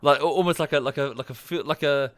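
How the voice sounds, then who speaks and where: A man's voice: fairly high pitch, fast talker, a bit bright. A man, streaming from home and ranting about a TV series in a casual, rambling way, swearing, trailing off and restarting his sentences. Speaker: livestreamer. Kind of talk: casual livestream rant.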